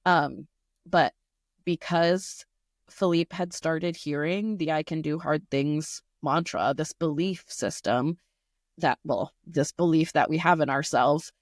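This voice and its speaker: Speaking slowly in a low voice, this woman, a teacher and podcast co-host, tells a classroom story in a casual, animated way, leaning heavily on fillers like "like." The audio is studio quality with no echo.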